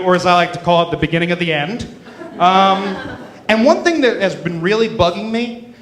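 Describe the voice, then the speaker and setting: A man in his late twenties works a comedy club stage with a deadpan, offhand delivery. His voice sits fairly high for a man, and the room around him rings with a roomy club echo. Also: a little hiss or hum. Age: 20s. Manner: deadpan with sudden character impressions. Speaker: stand-up comedian. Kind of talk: stand-up set.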